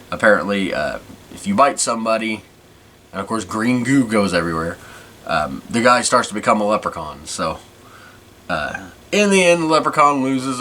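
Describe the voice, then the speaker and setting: Low-ish guy rambling on his podcast, casual and all over the place. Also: sharp tone. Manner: rambling, many restarts. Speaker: podcast host. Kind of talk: casual chat.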